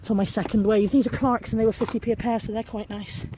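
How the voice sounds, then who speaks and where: A British woman talks chattily to a handheld camera at an outdoor car boot sale, wry and self-mocking. She sounds out of breath and snuffly with a cold, and her voice sits a little high. Steady background noise runs under the recording. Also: quick pace. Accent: British English. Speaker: vlogger. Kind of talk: casual vlog narration.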